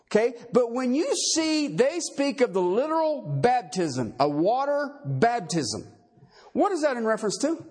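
A man's voice: extremely high pitch, sing-song, unhurried, darkish tone. A man preaching a sermon, emphatic, quizzing his listeners with rhetorical questions and tagging points with "okay" and "all right.". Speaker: pastor.

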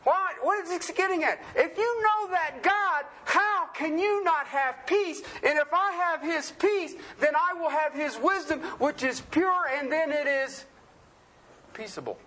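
A man's voice: very high-pitched, unhurried, sharp tone. A man preaching a sermon in a folksy, joking way, often asking the congregation questions.

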